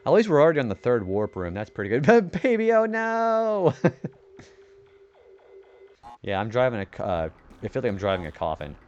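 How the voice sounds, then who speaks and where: A man's voice: fairly low pitch, expressive, rapid-fire, a little mellow, lo-fi sound, a little hiss or hum. A young man streaming a retro game, rambling casually about his day and swearing when he misses a turn. He describes his own voice as nerdy. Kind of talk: casual gaming stream chat.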